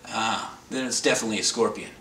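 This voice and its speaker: A man voicing a calm, matter-of-fact local man who speaks in a slow, deadpan way. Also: fairly low pitch, echoey room, distant mic, a little hiss or hum.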